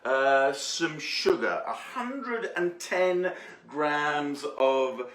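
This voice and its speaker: A man's voice: fairly high pitch, lively intonation, very slow, fairly bright tone, slight background noise. A man giving a rambling, jokey cooking demonstration in his home kitchen, with lots of fillers. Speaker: home baker. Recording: echoey room.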